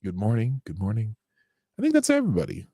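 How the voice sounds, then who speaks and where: Male live-stream host, animated rambling delivery, dry sound. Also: lowish voice, fast talker, no room sound. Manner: animated, rambling, laughs often. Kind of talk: casual live-stream chat, greeting viewers.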